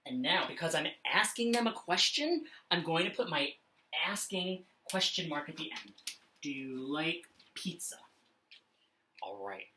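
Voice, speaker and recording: A woman teaching punctuation to young children in a slow, sing-song voice, often checking in with "okay?". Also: lowish voice, very animated, pushed and bright, slight background noise. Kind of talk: classroom lesson for children.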